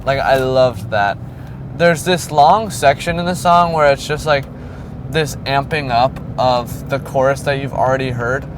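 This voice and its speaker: A man's voice: mid-range voice, unhurried. A young man casually reviewing an album, rambling, with many ums and likes, outdoors near a street. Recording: clear street and traffic noise.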